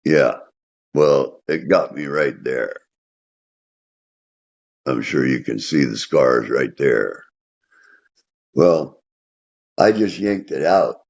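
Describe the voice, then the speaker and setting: An older man, a veteran, telling his story in a plainspoken, rambling way with dark humor, in a dull lo-fi recording. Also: low voice. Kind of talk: casual storytelling.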